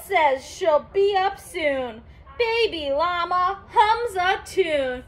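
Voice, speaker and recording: A woman reads a children's storybook aloud, her voice very high and swooping through a wide, lively range. She takes her time, half-singing the rhymes. She stops now and then to explain words to young listeners like a patient teacher. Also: drawn-out words, soft background music. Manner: sing-song, expressive, teacherly.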